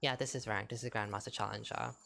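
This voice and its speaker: Woman game streamer, deep and gravelly, tense bright tone; talks in exasperated rhetorical loops. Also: fairly even intonation, quick pace. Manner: exasperated, rhetorical, repeats herself. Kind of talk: casual stream chat while gaming.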